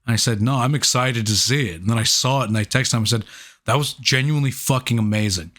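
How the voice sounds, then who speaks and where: A man's voice: mid-range voice, fast talker, fairly bright tone. A blunt, laid-back young man reviewing films. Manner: laid-back, swears a lot, blunt opinions. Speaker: podcast co-host, movie reviewer. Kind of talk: casual chat.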